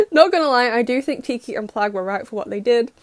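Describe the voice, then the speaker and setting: A young woman recapping a cartoon episode in a gushing, excitable fangirl way. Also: fairly high pitch, brisk, no echo. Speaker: fan reaction host.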